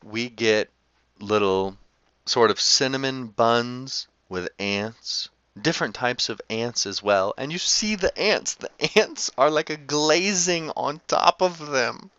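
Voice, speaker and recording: A man telling a food travel story to camera in a casual, animated, profane way that is often broken by laughter. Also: mid-range voice, slow, smooth, no room sound. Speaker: travel vlogger. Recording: slightly dull lo-fi sound.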